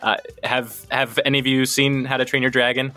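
A man's voice: mid-range voice, little pitch movement, brisk, sharp tone, faint music behind. A man who is a voice actor, talking casually in an interview, rambling and hesitant with lots of fillers. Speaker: voice actor guest.

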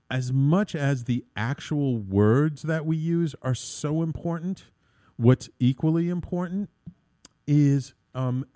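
A man's voice: medium pitch, warm tone, dry recording. A man hosting an internet radio talk show, earnest and upbeat, rambling with many fillers and restarts. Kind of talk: casual radio talk monologue.

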